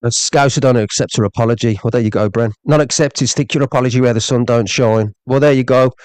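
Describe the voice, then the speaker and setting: A man's voice: medium pitch, steady tone, quick pace, a little mellow, no echo. A man on a live stream, ranting angrily with lots of swearing, repeating himself and reading out viewer comments. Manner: angry, profane, repeats "you know what I mean".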